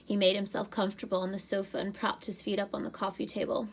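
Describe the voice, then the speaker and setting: A woman teacher reading a novel aloud to her students in an expressive storybook manner. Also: medium pitch, fast.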